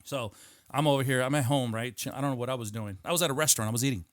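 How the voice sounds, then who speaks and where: A man's voice: medium pitch, rapid-fire, no echo, studio quality. A middle-aged man hosting a podcast, telling stories animatedly and swearing freely. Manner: animated, profane, acts out quotes. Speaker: podcast host. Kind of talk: casual storytelling chat.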